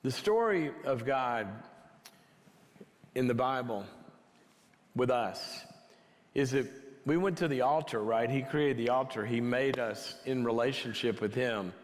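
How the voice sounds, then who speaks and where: A man telling a story as part of a teaching talk, conversational and dropping to a hush for quiet moments. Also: mid-range voice, measured pace, long pauses. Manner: conversational, drops to a near whisper for quiet moments. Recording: long hall reverb.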